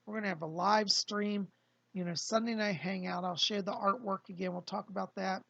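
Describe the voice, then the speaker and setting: A man, a psychic medium, talking casually and calmly to his viewers from his home, explaining and reassuring. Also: high-pitched, moderate pace, creaky, no room sound, muffled recording. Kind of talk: casual livestream talk.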